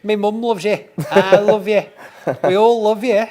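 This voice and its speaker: A man's voice: high-pitched, steady tone, measured pace, darkish tone, voice pushed up. A man putting on a cheeky male football fan from Manchester, with a Manchester accent. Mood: gushing.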